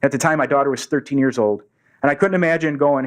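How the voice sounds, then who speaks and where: Man, earnest storytelling speech, live audience in a meeting room, medium-pitched voice. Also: quick pace. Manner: earnest, acts out quoted dialogue. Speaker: Rotary district governor giving a speech.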